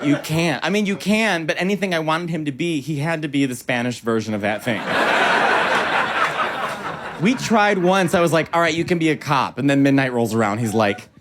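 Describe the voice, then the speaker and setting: A male comedian performing stand-up on a club stage, his voice swinging widely up and down as he tells his stories. He sits a little high for a man and gets theatrical and excited. Noise from the live room is clearly heard behind him. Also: normal speed. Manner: animated, theatrical storytelling with bursts of excitement.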